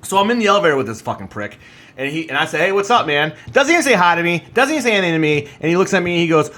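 A man co-hosting a casual podcast, telling stories in an animated, profane way. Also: high voice, racing. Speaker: podcast co-host. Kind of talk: casual chat.

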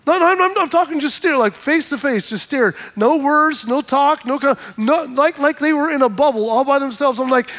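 Man preaching, very high voice, lively storyteller, acts out dialogue, calls for responses. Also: normal speed. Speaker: pastor. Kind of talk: sermon with storytelling.

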